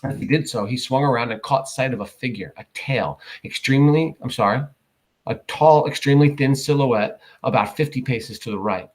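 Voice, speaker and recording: A man reading a novel aloud, casual, pausing to correct himself and comment. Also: mid-range voice, poor audio. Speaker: audiobook reader.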